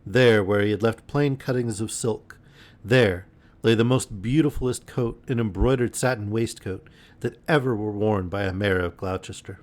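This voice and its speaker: A man reading a storybook aloud in a gentle, unhurried bedtime manner on a live stream. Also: fairly low pitch.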